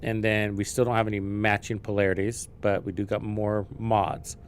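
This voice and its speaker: A man live-streaming a game, chatting casually, thinking out loud and swearing freely as he learns the menus. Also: on the low side, little pitch movement, moderate pace, slight background noise.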